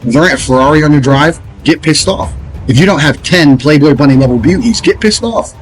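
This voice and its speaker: A man's voice: fairly high pitch, expressive, a little fast, poor audio. A man from England, delivering a blunt, profane motivational rant that lectures listeners and mocks the way other people talk. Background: faint background music.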